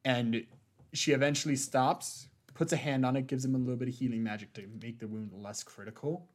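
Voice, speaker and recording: A man narrating as game master of a tabletop game in a relaxed way, with lots of fillers. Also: medium pitch, brisk. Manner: relaxed, filler-heavy storytelling.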